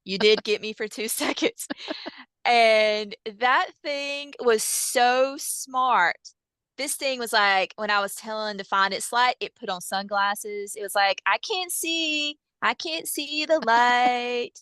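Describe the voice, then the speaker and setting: A woman, a hypnosis practitioner telling session stories in a lively way, with many fillers and quoted dialogue. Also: mid-range voice, takes it slowly, smooth, no echo. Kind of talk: animated storytelling in casual chat.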